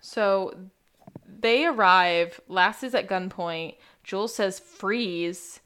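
A woman's voice: medium pitch, slow, a bit bright, clean tone. A woman co-hosting a podcast, recapping a TV episode in casual chat and laughing often between remarks. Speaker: podcast co-host.

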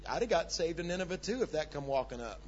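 A man preaching a sermon, swinging from low, hushed asides to loud, urgent peaks. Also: lively intonation, fast, dull audio, a little hiss or hum. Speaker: pastor.

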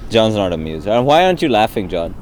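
A man trading jokes in loose, casual banter with friends, his pitch jumping all over the place as he riffs and laughs. He records on a built-in laptop mic, with a faint hiss of background noise under his voice. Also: very animated, quick pace, darkish tone. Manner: jokey, laughs often, riffs on accents. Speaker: podcast co-host.

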